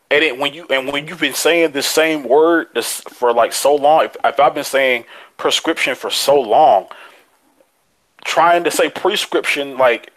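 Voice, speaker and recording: A fairly high-voiced man co-hosting a casual podcast, talking in an excitable, profane rush. He laughs easily and swears freely as he rants to his co-host and listeners. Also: rough recording.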